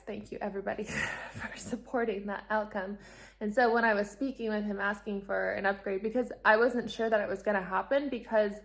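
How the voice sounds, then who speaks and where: Chatty woman telling a travel story, gravelly. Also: mid-range voice. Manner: animated, acts out quoted exchanges, laughs often. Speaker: travel vlogger. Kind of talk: casual storytelling vlog.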